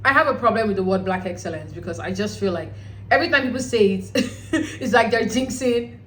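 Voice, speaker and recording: A woman hosting a reality show recap, talking casually in an animated, blunt way with some swearing. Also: mid-range voice, a little fast, slight background noise, rough recording.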